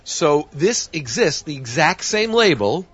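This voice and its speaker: A husky-voiced man who explains wines in a relaxed way, stopping and restarting his phrases as he goes. His pitch sits in an ordinary middle range. The sound is somewhat dull and lo-fi. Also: measured pace. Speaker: wine expert guest. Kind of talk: casual explanatory chat.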